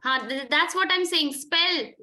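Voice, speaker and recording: An Indian woman runs a communication skills class and keeps pressing her students to speak clearly. Her voice sits high and sounds bright and clear, and she slips between English and Hindi as she questions them. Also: moderate pace. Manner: probing, insistent questioning, mixing Hindi and English. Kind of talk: online group discussion coaching.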